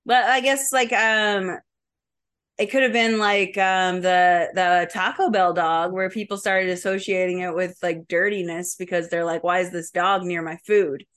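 A woman's voice: lowish voice, steady tone, measured pace, fairly bright tone, smooth. A woman co-hosting a casual comedy podcast, chatting loosely with many fillers. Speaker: podcast co-host.

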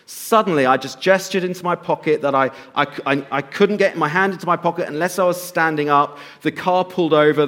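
A man giving a sermon and telling a personal story, slowing to soft emphasis at times and lifting his voice at others. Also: on the high side. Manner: storytelling, shifts between soft slow emphasis and raised bursts. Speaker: pastor.

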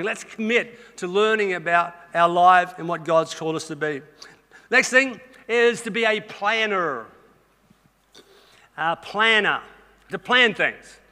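Bright-voiced Australian preacher in a reverberant hall. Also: male voice, high voice. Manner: energetic and conversational, talks straight to the congregation with humor. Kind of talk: sermon. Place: church auditorium.

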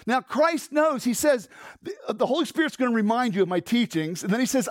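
Preaching as pastor, a middle-aged man speaks briskly in a very high voice. The sermon is conversational and animated, with shifts from loud stress to hushed delivery and questions for the congregation, all in clean studio sound without room sound.

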